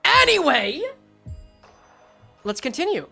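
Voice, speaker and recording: A woman streamer giving casual, animated game commentary, reading lines aloud and swearing now and then. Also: high-pitched, quick pace, soft background music.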